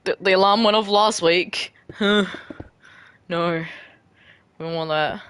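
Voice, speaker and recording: A woman's voice: on the low side, fairly even intonation, slow pace, long pauses, clear, resonant tone. Rambling woman building in a game. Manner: rambling, self-deprecating, trails off quietly. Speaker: gaming creator. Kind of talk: casual gameplay commentary.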